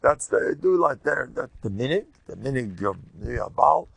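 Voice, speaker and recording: An older rabbi who gives a Torah lecture in an animated, jokey storytelling way, full of repetitions. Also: male voice, medium pitch, moderate pace, creaky, background noise.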